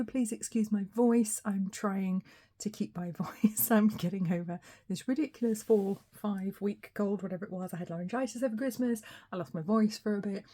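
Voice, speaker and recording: Woman, slightly hoarse, husky, soft mellow tone, chatty tarot reading. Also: mid-range voice. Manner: chatty, laughs often, some soft whispery asides. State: hoarse, recovering from a cold. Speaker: tarot reader.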